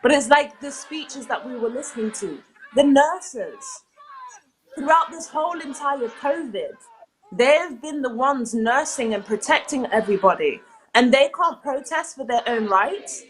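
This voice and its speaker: A passionate woman from South Africa delivers emotional commentary on a live stream. Her voice sits a little high. There is a faint hum behind her. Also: expressive, unhurried, poor audio. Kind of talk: impassioned commentary.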